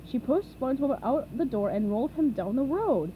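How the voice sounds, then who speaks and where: A woman narrating a children's storybook in an animated, expressive way. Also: on the high side, moderate pace, hardly any pauses, slight background noise, poor audio. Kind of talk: storybook reading.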